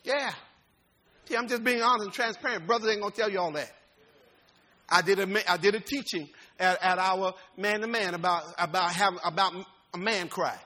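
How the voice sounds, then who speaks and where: High bright preacher guy, folksy, shouts then drops way down low. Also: a little fast. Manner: preaching with rising shouts and dropping to a low talk; informal and folksy. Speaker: pastor. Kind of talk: sermon.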